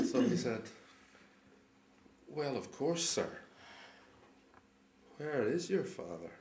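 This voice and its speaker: A man telling a folk tale to a live audience, chuckling often and dropping into quiet voices for the characters. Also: medium pitch, big pitch swings, slow, slight background noise. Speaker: storyteller. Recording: roomy live recording with audience.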